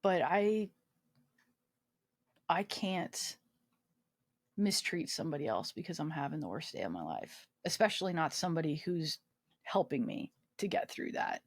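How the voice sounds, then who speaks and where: A woman's voice: low voice, big pitch swings, a little slow, pauses often, dry recording, studio quality. A woman guest recounting a personal story in a casual interview, acting out the quoted dialogue and swearing freely. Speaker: guest, army veteran.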